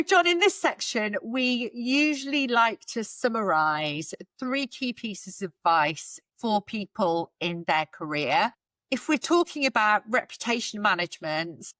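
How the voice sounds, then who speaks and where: A woman hosts a career podcast in a mid-pitched, natural voice. She is encouraging and reflective, and she speaks articulately. The recording is close and dry. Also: fairly bright tone, dry recording. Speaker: podcast host. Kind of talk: interview hosting.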